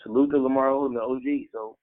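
A man's voice: medium pitch, steady tone, fast. Laid-back man co-hosting sports radio. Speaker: radio co-host. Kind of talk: casual sports radio chat. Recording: tinny phone-line sound.

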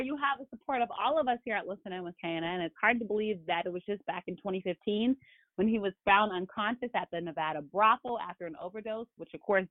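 A woman hosting a casual sports radio show, hoarse from a cold, upbeat and emphatic. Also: mid-range voice, no room sound. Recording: tinny phone-line sound, dry.

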